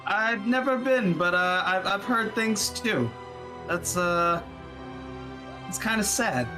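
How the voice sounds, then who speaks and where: Halting, friendly man from Canada. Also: high voice, expressive, over music. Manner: friendly, halting, repeats words. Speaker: player. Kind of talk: casual chat.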